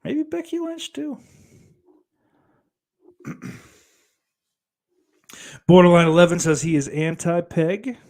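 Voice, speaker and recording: Slow-talking, lively-pitched podcast guy. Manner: laughs often and swears freely while reading comments aloud. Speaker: podcast co-host reading live chat. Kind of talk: casual crude banter.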